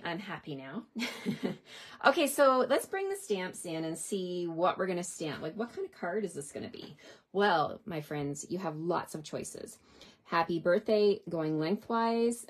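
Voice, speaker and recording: A woman's voice: fairly low pitch, husky. A woman hosting a live card-making lesson, chatting to her viewers and cheering them on as she works. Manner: chatty, encouraging, talks to viewers. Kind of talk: live craft demonstration.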